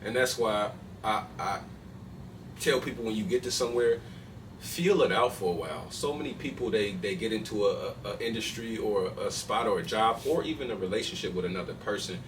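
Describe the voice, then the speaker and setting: A man's voice: fairly low pitch, lively intonation, brisk. A man hosting a podcast, talking loosely in slangy casual chat with lots of restarts. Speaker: podcast host. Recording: distant mic with faint noise.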